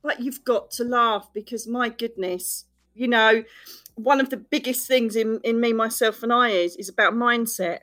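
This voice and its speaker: A woman's voice: fairly high pitch, moderate pace, fairly bright tone. A woman with an Essex accent, a guest on a chat podcast, effusive and laughing often as she talks. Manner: effusive, laughs often, calls people darling. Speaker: podcast guest, psychic medium. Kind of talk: casual chat.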